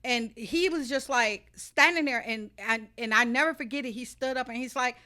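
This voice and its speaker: Woman podcast guest, salon founder, emphatic confiding storyteller with a sharp, bright voice. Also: fairly high pitch, normal speed. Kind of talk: animated personal storytelling.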